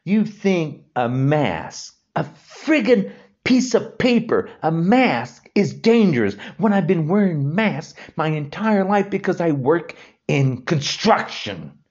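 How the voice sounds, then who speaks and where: A man's voice: on the high side, sing-song, slow, darkish tone. A man in his sixties giving an angry, insulting rant, repeating himself. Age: 60s. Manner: furious, insulting, repetitive. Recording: dull lo-fi recording.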